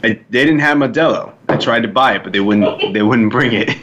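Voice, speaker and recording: A man's voice: mid-range voice, brisk, a bit bright, lo-fi sound, a little hiss or hum. A man with a Californian accent co-hosting a podcast, laid-back and joking in casual chat. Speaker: podcast co-host.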